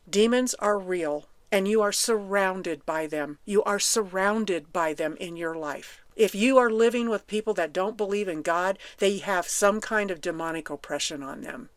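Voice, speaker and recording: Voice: medium pitch, dry recording. A podcast host telling personal faith stories in an emphatic way, repeating lines for stress. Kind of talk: personal testimony storytelling.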